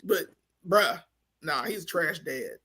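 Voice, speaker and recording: A man co-hosting a casual movie review podcast, ranting animatedly with big swings from loud to quiet. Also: on the high side, expressive, slow, breathy edge. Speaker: podcast co-host.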